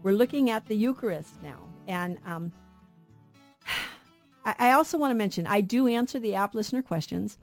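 A woman's voice: medium pitch, animated, normal speed, pauses often, faint music behind. A woman co-hosting a radio Bible program, teaching emphatically and posing rhetorical questions that she then answers herself.

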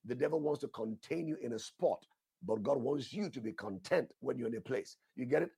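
Gravelly emphatic male preacher. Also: mid-range voice, animated, a little fast, warm tone, dry recording, studio quality. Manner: emphatic, repeats phrases, asks the listeners questions. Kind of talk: sermon with prayer and tongues.

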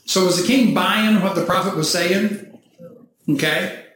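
A man preaching a sermon, reading scripture aloud and breaking into animated, mock-cheering asides. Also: high-pitched, measured pace. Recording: echoey church hall, faint noise.

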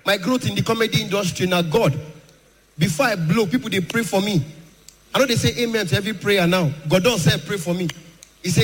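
A man with a Nigerian accent doing stand-up comedy, telling stories lively and acting out voices. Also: sits high, a little fast, husky. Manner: lively storytelling, mixing pidgin, acting out voices. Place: large hall, live audience. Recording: echoey hall, faint noise.

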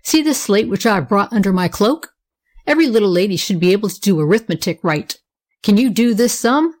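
A woman's voice: mid-range voice, expressive, brisk, lightly acted. A woman voicing a stern little old fairy godmother in a storybook reading, with a cracked, wavering voice.

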